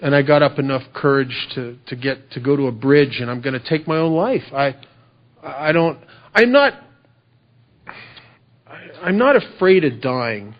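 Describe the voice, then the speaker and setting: A middle-aged man giving a personal recovery talk at a convention, halting and earnest, often repeating his words. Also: mid-range voice, animated. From United States. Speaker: recovery speaker. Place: convention hall. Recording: dull lo-fi convention recording.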